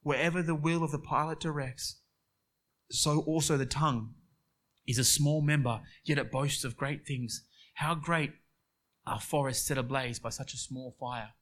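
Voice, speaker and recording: A man preaching a sermon, moving between quiet storytelling and emphatic passages. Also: fairly high pitch, fairly even intonation, normal speed.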